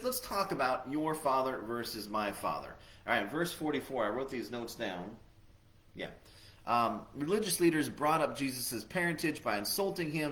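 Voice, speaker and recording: A man's voice: medium pitch, fairly bright tone. A man teaching a Bible study lesson in a conversational way, often checking in with "right?". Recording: echoey room.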